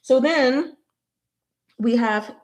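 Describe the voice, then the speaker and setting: A woman hosting a casual book discussion, animated and exclaiming, often breaking into laughter. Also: high-pitched, very slow. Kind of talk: casual chat.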